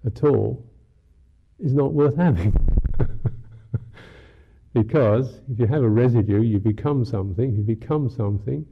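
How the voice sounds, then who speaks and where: A Buddhist monk teacher giving a dharma talk in a musing, unhurried, wry way, often saying "you know". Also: male voice, medium pitch, vocal fry, a little hiss or hum. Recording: tinny lo-fi talk recording.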